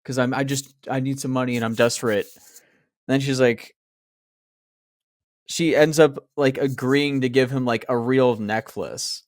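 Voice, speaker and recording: Young male co-host with a mid-pitched voice, easygoing and meandering, pauses to find the right word. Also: steady tone, no room sound, studio quality. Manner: meandering, searching for words mid-thought. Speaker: podcast co-host. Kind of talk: casual chat.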